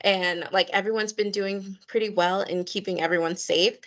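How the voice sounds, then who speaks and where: A woman's voice: medium pitch, fairly even intonation, moderate pace, fairly bright tone. A woman coordinating volunteers, giving a friendly online meeting briefing with lots of fillers and repeated pleas. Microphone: video call.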